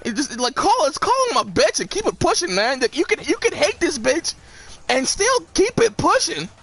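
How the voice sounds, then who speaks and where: A man's voice: very high voice, sing-song, normal speed, fairly bright tone. A young man streaming a game, rambling profanely with lots of restarts and laughs. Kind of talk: casual commentary while gaming.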